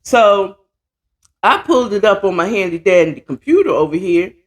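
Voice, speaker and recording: A woman's voice: mid-range voice, very animated, quick pace. Outspoken woman host, rambling commentary. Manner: opinionated, rambling, with frequent restarts and asides. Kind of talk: casual commentary chat. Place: home, at a computer.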